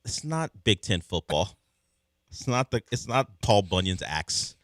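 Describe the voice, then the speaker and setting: A man co-hosting a sports talk radio show, talking in an animated, rambling way full of questions. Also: fairly low pitch, unhurried, no echo, studio quality.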